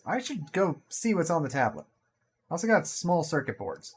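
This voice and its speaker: A man's voice: a little high, big pitch swings, normal speed, slightly rough. A man chats his way through a building game in a casual let's-play. His voice swings widely up and down as he jokes to himself, playful and talkative. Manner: chatty, playful, jokey asides. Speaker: gaming video creator.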